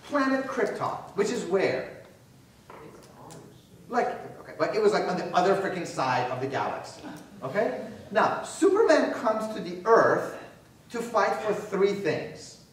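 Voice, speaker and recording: A man giving a university keynote and answering questions, animated and sarcastic, his emphasis rising as he jokes. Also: high-pitched, a little slow. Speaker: keynote speaker. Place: large lecture hall. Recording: echoey hall, distant mic, faint noise.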